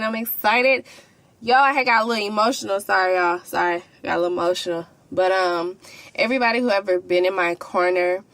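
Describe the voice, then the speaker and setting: A young woman with a lowish, gravelly voice talks casually as a podcast host. Her speech is heartfelt and full of slang as she closes out the show.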